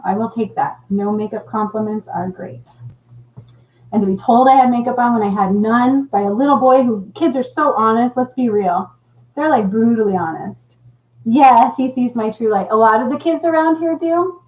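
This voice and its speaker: A middle-aged woman hosting a casual livestream, chatting and reading viewer comments with a laughing, animated manner. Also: a little high, roomy sound, low-quality recording. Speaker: livestream host.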